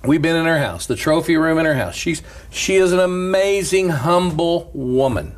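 A middle-aged man, a pastor, telling a story in animated casual chat and laughing often. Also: on the high side, normal speed.

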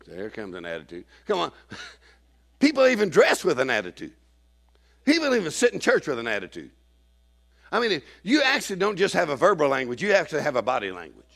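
A man preaching a sermon to a church congregation, emphatic, swinging from shouted declarations to low asides. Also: creaky.

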